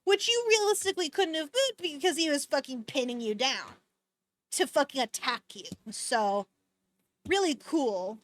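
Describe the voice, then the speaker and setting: A woman with a fairly high voice reads a novel aloud on her stream, then stops to make sarcastic comments between passages and swears freely. The sound is dry and close, with no room echo. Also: expressive, normal speed. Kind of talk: casual book reading with commentary. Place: home streaming setup.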